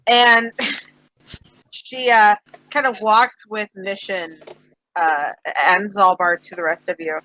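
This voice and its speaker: A woman narrating as game master of a tabletop game, relaxed, with lots of fillers. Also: mid-range voice, slow, long pauses, poor audio. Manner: relaxed, with many fillers and "kinda".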